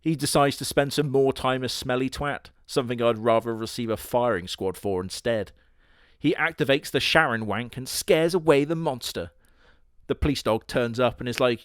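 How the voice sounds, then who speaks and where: A man doing comedic anime review narration in a sarcastic, crude, deadpan manner. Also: medium pitch, normal speed, dry recording, clean studio sound. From Britain.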